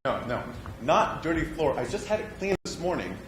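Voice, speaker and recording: In an echoey room with background noise, a man performs a theatrical stage monologue as an earnest young male actor. His voice sits on the high side and is sing-song at a normal speed, sounding confiding and at times exasperated.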